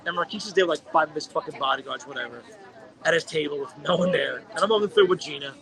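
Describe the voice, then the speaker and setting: A young man co-hosting a podcast, telling animated stories in casual chat and swearing freely. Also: on the high side, fast, vocal fry, crowd noise, low-quality recording. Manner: animated storyteller, heavy swearing. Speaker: podcast co-host.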